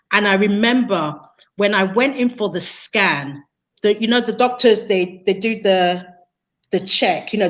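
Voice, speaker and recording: A woman's voice: medium pitch, a bit bright, rough recording. A woman, an interview guest telling a personal story in an earnest, emotional way, often repeating herself. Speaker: interview guest, training consultant.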